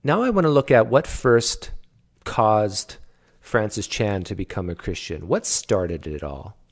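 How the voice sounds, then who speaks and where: A man narrating a commentary video, asking slow, deliberate questions between clips. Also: lowish voice, animated.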